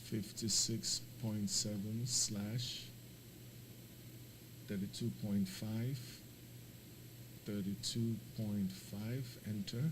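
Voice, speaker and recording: A man's voice: lowish voice, very slow, pauses often, background noise. A man streaming a flight simulator, chatting casually and talking himself through the setup, apologetic and rambling, getting emphatic and laughing when he rants. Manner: animated, emphatic when ranting, laughs often. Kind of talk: casual live-stream commentary.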